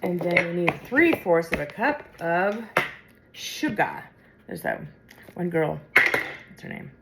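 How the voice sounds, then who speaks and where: A woman's voice: lowish voice, sing-song, unhurried, vocal fry, very noisy. Woman home cook, General American accent, chatty and rambling; echoey kitchen, clattering dishes behind. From Midwestern or Western United States. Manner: chatty and rambling, thinking aloud while cooking. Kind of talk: casual cooking vlog.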